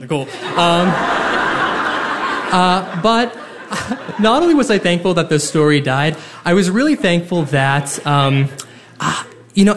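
A young man telling a personal story live, animated and self-deprecating, with lots of fillers and restarts. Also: a little high.

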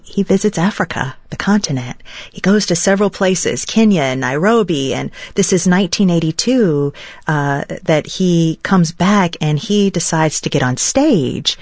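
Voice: medium pitch, no echo, studio quality. An interviewer host asking questions and weaving in personal asides. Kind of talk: interview conversation.

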